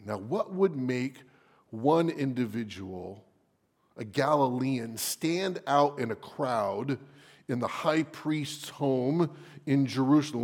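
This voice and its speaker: A man preaching a sermon dramatically, at times dropping into a hushed whisper for emphasis. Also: mid-range voice.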